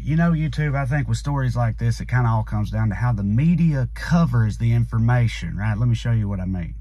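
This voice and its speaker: A man's voice: mid-range voice, darkish tone, slightly rough, dry recording. A man with a Southern US accent delivering a sarcastic satirical comedy monologue as a channel host, drawling with punchy asides.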